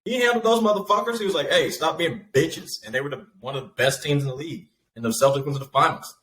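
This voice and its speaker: A man's voice: on the high side, very fast, a bit bright. A man co-hosting a sports podcast, blunt and dismissive, with slangy casual talk. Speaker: podcast co-host. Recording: echoey room with faint noise.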